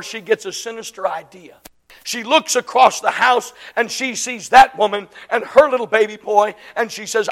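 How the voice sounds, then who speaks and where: A woman preaching a sermon, impassioned and emphatic, swinging from loud declarations to hushed lines. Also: a little high, creaky.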